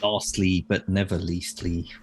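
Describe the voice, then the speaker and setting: A man hosting and running a tabletop game over a video call, relaxed and jokey. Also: deep voice, unhurried, husky. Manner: relaxed, chuckling, jokey banter. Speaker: game master and channel host. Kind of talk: casual tabletop game narration.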